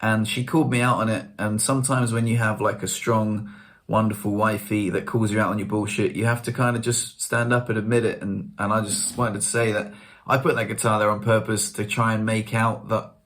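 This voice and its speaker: Chatty man, lower voice. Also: flat delivery, brisk, a bit bright. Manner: chatty, slangy storytelling with self-mocking humour. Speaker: vlogger. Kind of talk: casual chat to camera.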